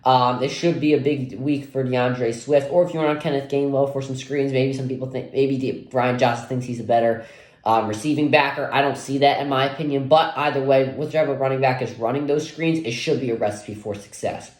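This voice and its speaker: A man's voice: mid-range voice, steady tone, fairly quick. A young man giving a casual solo football preview, rambling with lots of fillers. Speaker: sports vlogger previewing a game. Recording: echoey room.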